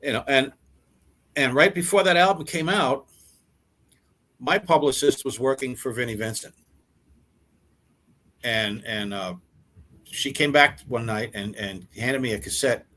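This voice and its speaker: Older male musician, interview guest; animated anecdotes, acts out other people's lines, many restarts. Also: medium pitch, unhurried, pauses often, a little hiss or hum. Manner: animated storyteller who acts out quoted dialogue; frequent repeated words and restarts. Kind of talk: storytelling in a casual interview.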